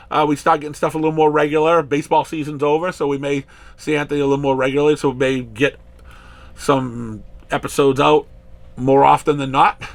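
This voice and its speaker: A man's voice: on the high side, gravelly. A man hosting a casual podcast chat, rambling through stories with many restarts and acting out quotes. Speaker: comic shop owner and podcast host.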